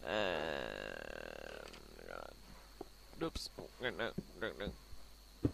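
A man's voice: a bass voice, wildly swooping pitch, drawn-out words, creaky. A young Australian man giving a chatty, rambling commentary while he plays a game, talking to the pets in it as he builds. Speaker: gaming channel host. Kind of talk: let's play commentary. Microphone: desk mic that picks up the room. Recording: noisy home recording.

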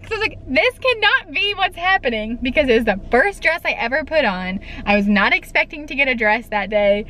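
A young woman, chatting excitedly in a casual vlog, says "like" a lot. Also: fairly high pitch, fast, few pauses, slight background noise, poor audio. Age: young adult. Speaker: vlogger. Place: in and around a car, partly outdoors in wind.

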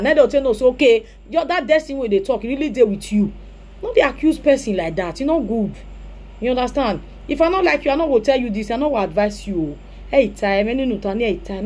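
A woman's voice: mid-range voice, warm tone, a little hiss or hum. A Nigerian woman commenting on a clip in Pidgin, scolding and advising the man she talks about. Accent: Nigerian Pidgin English.

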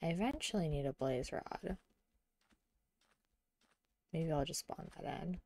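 A young adult woman streaming a video game, chatting casually and giggling, often murmuring quietly to herself. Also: deep voice, expressive, a little slow. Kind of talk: casual gameplay chat.

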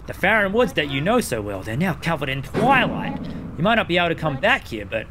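Smug teasing female imp, put on by a man, lively and a bit high, game music behind. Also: fairly quick, noisy background.

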